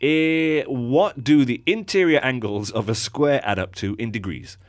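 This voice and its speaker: A man's voice: medium pitch, measured pace, no room sound. A man hosting a radio show, playfully running a quiz and chatting with a guest. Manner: lively, playful quizmaster. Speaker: radio host.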